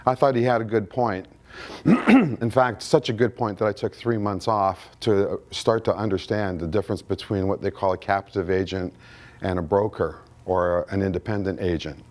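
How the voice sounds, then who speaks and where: A man's voice: fairly low pitch, normal speed. A man, speaking as a guest at an investing conference. He tells anecdotes, acts out both sides of remembered conversations, and quizzes the audience with show-of-hands questions. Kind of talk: seminar storytelling talk. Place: indoor conference room.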